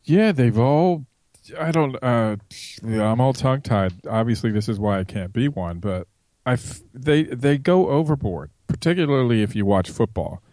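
A man in a casual podcast chat, venting in long, rambling runs full of restarts and trailing asides. His voice sits in an ordinary middle pitch and is recorded close and dry, with no room sound. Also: expressive, moderate pace, warm tone, no room sound. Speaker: podcast co-host.

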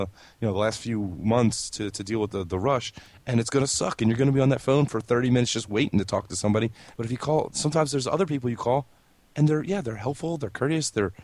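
Male podcast co-host, blunt and profane, rapid talker, dry close-mic sound. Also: mid-range voice, a little mellow, no echo. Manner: blunt, fast, profane, quick to laugh. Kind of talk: casual chat.

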